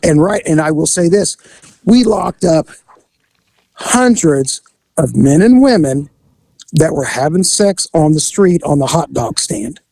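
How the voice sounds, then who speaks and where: A man's voice: a little high, a little slow, creaky, dry recording. Ex-cop guy telling crude stories, blunt, dry mic. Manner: blunt, crude, animated storyteller. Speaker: podcast co-host, former vice officer. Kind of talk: casual storytelling.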